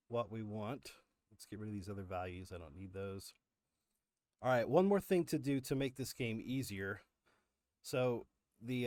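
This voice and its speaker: A man's voice: medium pitch, darkish tone, dry recording, clean studio sound. A man hosting a live stream, explaining step by step as he works, with frequent fillers and restarts. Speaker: livestream host. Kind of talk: live coding walkthrough.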